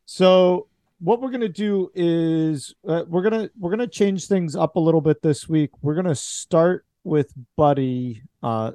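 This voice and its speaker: A man's voice: mid-range voice, gravelly, mellow, dry recording, studio quality. A man running a tabletop horror game as game master, jokey and laughing easily, restarting his sentences.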